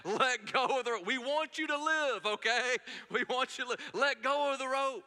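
A man voicing people on a boat yelling urgent, pleading warnings. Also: high voice, animated, quick pace, in a large hall, exaggerated voice.

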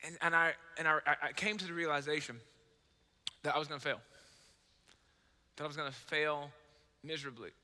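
A man in his thirties, a pastor preaching a sermon, telling stories in an animated way, acting out dialogue and joking about himself. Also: on the high side, fairly quick, long pauses. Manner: animated storytelling, acts out dialogue, self-mocking humor. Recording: long hall reverb.

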